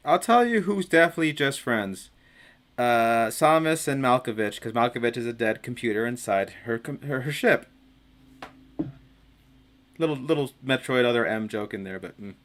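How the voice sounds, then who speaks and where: A man's voice: mid-range voice, animated, normal speed, a bit bright. A man hosting a casual podcast chat, rambling and laughing at his own jokes. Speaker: podcast host.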